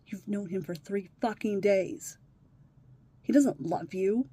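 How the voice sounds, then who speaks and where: A woman recording a personal video diary while distressed and tearful, dropping to hushed whispers and then rising into swearing outbursts. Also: medium pitch, takes it slowly, breathy edge. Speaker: vlogger.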